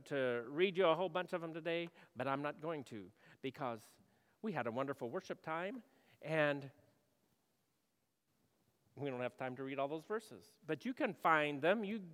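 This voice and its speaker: A male pastor preaching a sermon in a conversational way, asking the congregation questions and moving between loud and hushed delivery. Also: fairly high pitch, long reverb tail.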